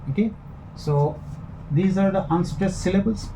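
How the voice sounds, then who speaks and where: Male teacher lecturing in a mellow voice. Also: high-pitched, a little hiss or hum, rough recording. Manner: explains slowly with many fillers and restarts. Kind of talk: recorded lecture.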